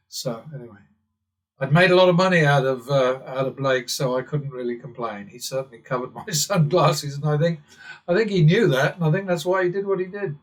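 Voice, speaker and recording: A man's voice: fairly high pitch, moderate pace, distant mic. An English man hosting his own channel, talking in a rambling, sardonic monologue and chuckling as he wanders off topic. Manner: digressive and sardonic, chuckles often. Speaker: channel host.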